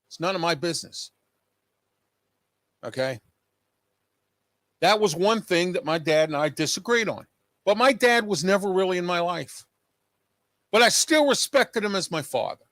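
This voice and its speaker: Agitated high-voiced man hosting a show. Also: fairly bright tone, no room sound, studio quality. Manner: agitated, emphatic, repeats points. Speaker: show host. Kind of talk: personal monologue to viewers.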